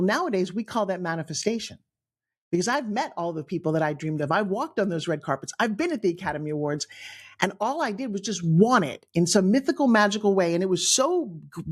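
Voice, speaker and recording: A middle-aged woman from New York with a New York accent, telling her own life story on a podcast in an animated way, acting out the people she quotes. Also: medium pitch, husky. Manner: animated, acts out quoted voices, frequent restarts. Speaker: guest storyteller.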